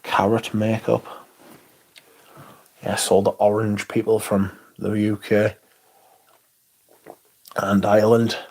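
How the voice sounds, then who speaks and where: A man's voice: lowish voice, flat delivery, slow, pauses often, darkish tone. A man hosting a casual livestream, reading out viewer comments in a laid-back, rambling way and swearing now and then. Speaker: livestream host.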